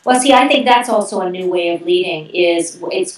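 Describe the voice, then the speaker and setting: A woman's voice: lowish voice, normal speed, far from the mic. Canadian woman explaining leadership ideas, echoey room. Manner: articulate, explanatory, frequent fillers and restarts. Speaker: leadership keynote speaker, interview guest. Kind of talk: conversational interview answers.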